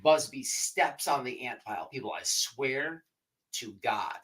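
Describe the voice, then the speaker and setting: A man spins a long, rambling yarn to his livestream viewers, repeating himself and swearing freely. His voice is bright and forward at an average pitch. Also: expressive, measured pace, breathy edge, low-quality recording. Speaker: podcast host. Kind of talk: casual storytelling on a livestream.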